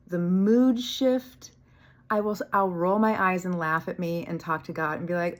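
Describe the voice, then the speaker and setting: A woman's voice: fairly low pitch, measured pace. A woman talking casually and candidly in a spiritual vlog, rambling a little, swearing freely and laughing at herself. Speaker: spiritual vlogger.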